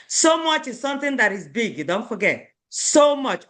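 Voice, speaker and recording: A woman teaching an online beginner language class, repeating each word slowly and spelling out syllables for learners, firm when children stop paying attention. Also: on the high side, animated. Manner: slow, repeats words and stresses syllables for learners; firm with children who do not pay attention.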